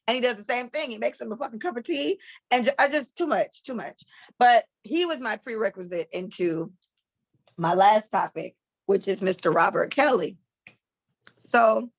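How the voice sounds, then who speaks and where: Woman, 30s, podcast host, blunt and profane, casual commentary, gravelly voice, dry muffled mic. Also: medium pitch, no echo. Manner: blunt, profane, animated storytelling.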